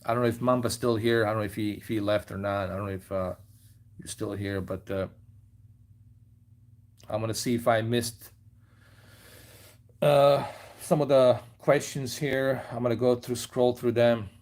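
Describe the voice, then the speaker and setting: Man, mid pitch, loose rambling livestream host talking from his lounge. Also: steady tone, moderate pace, pauses often, a little mellow. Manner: rambling, loose, with many fillers and trailing asides. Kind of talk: casual livestream chat. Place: lounge at home.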